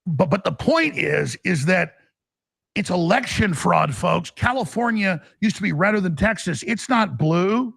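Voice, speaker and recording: A man's voice: high-pitched, animated, a little slow, creaky, fairly bright tone, breathy edge, no room sound, clean studio sound. A man hosting a radio talk show, telling a long story in a rambling, urgent way with many restarts.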